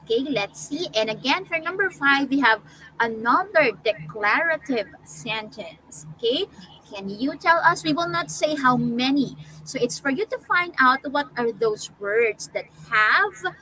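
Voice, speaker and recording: A woman's voice: high-pitched, animated, unhurried, pushed and bright, a little hiss or hum, rough recording. A woman with a Filipino accent, co-hosting a live online lesson, prompting learners with questions and encouraging them. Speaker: online co-tutor.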